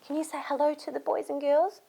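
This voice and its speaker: With a high-sitting, gravelly yet mellow voice, this Australian host runs a kids' storytime and sing-along, talking fast and flat in delivery. Still, she coaxes the little ones playfully, gasping and exclaiming as she goes.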